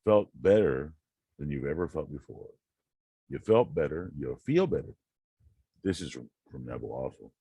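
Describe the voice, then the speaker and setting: Deep husky man musing slowly. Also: big pitch swings, mellow, no echo. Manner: slow, drawn-out, rambling, repeats words. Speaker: channel host. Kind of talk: reading self-help quotes with casual musing.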